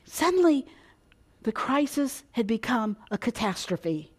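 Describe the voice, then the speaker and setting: A woman's voice: fairly high pitch, very animated, unhurried, a little mellow, husky. A woman preaching a sermon, dramatic, dropping to a whisper and rising for emphasis.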